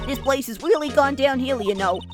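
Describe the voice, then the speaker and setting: A woman voicing a nosy, bossy elderly female security guard with a New York accent, scolding and rambling loudly over game music. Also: sits high, fairly quick, voice pushed up, lightly acted. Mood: gossipy. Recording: loud game music behind.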